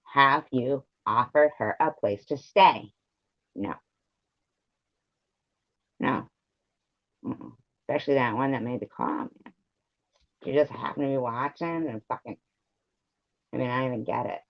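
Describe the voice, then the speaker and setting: A man's voice: medium pitch, measured pace, gravelly, long pauses, no echo. Profane rambling man on a dull stream. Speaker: live streamer. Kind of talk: ranting live stream chat. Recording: dull lo-fi live stream audio.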